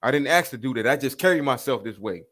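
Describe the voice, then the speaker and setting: A man's voice: mid-range voice, animated, quick pace, a bit bright. A man hosting a reaction video, confrontational and profane, calling people out in a heated rant.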